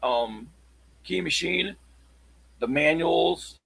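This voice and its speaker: A man chatting casually on a livestream, showing his locksport tools in a halting, rambling way. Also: on the high side, vocal fry, a bit bright, husky, dry recording, low-quality recording. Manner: halting, rambling show-and-tell.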